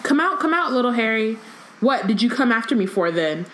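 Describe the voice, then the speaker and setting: A cruel witch calls out in a mocking singsong, her voice lifted high above the reader's own, as a woman puts her on. The sound bounces around an echoey room. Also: sing-song, a little fast, a bit bright. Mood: taunting.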